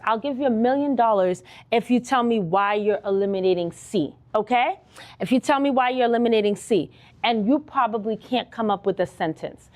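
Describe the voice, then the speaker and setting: A woman nursing instructor teaching a live online exam-prep lesson, talking straight to her students and often checking in with "okay?". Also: a little high. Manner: animated, talks to students directly, frequent "okay?" checks.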